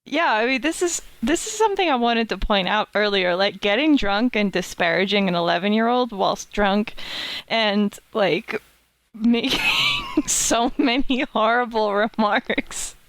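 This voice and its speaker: A woman's voice: a little high, sing-song, measured pace, fairly bright tone, slight background noise. A woman guesting on a podcast, dropping dry teasing quips. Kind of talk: casual chat.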